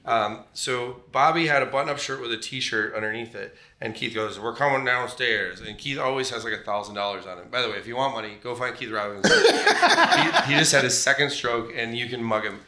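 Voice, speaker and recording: A man with a very bright, forceful voice tells a rambling story, laughing often and playing the other people in it. The sound is roomy, with faint noise behind him. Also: mid-range voice, fast talker, hardly any pauses. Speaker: comedian telling a story on a podcast. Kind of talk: casual storytelling chat.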